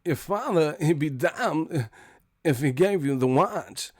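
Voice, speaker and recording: Guy putting on a weird slow deadpan movie actor voice, quiet and halting. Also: fairly high pitch.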